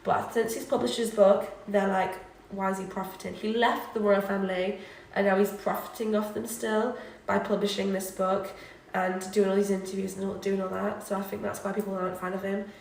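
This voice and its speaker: This is casual drunk livestream chat from a young adult Englishwoman, rambling and saying things twice, late at night in her student flat kitchen. She speaks briskly and flatly at medium pitch, her voice gravelly and distant with faint hiss or hum. Echo fills the room, and she sometimes moves off-mic.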